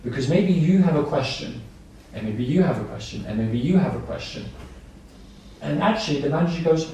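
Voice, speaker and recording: A man's voice: fairly high pitch, lively intonation, a little fast, gravelly, warm tone, recorded from a distance, slight background noise. Man lecturing in an echoey room. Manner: simple, repetitive explanations with examples. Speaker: staff trainer. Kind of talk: training lecture. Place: training room.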